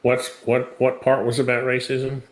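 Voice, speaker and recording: A man from Tennessee with a Southern accent, co-hosting a casual livestream in a relaxed, joking way. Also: mid-range voice, normal speed, rough recording. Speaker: co-host. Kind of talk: casual live-stream chat.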